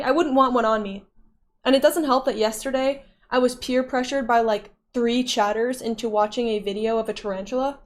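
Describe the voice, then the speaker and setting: A young woman livestreaming, casually reading and answering chat with playful giggles. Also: on the high side.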